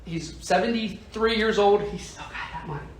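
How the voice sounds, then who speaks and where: Speaking at a moderate pace in a high register, this man gives insurance agents an emphatic motivational sales talk, constantly checking in with "right?" He is heard from a distance in a room full of echo.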